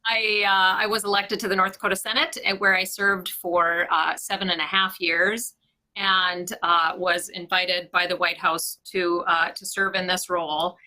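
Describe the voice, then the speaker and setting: A woman's voice: on the low side, level tone, moderate pace, sharp tone, poor audio. A middle-aged woman speaking as a guest on a radio show, friendly, with laughs and repeated restarts. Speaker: radio guest, state director. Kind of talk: casual radio interview.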